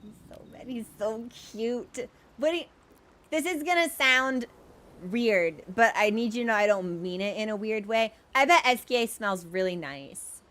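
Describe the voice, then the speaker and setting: A woman's voice: fairly high pitch, expressive, normal speed, fairly bright tone. A young woman streaming a video game, chatting in a playful, giggly, rambling way. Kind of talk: casual gaming stream chat.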